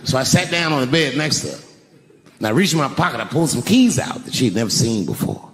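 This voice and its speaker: A man performing a stand-up comedy set, telling a story in an animated way with loud punchlines. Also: medium pitch, quick pace. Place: large theater with audience. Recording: live venue with long reverb and audience noise.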